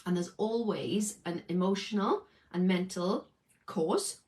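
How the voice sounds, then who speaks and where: A woman talks casually to her viewers about her healing practice, pitched a little low. She explains as she goes and keeps checking in with "okay?". Her tone is informal and unscripted. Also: measured pace, darkish tone, rough recording. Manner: chatty, explains with lots of "okay?" tags. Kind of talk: casual talk to camera.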